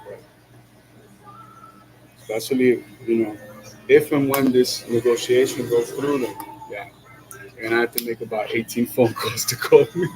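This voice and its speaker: Background noise and music accompany a male vlogger with a medium-pitched voice who chats while driving. His casual monologue is full of slang, "yo" and "you know what I'm saying," and he laughs often between lines.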